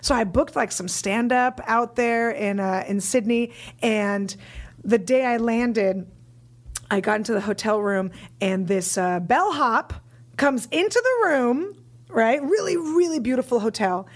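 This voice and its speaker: A woman comedian telling stories as a podcast guest, animated and acting out the voices of the people in them. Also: on the high side, a little slow. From United States. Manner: animated, acts out voices in quotes. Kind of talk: casual podcast storytelling.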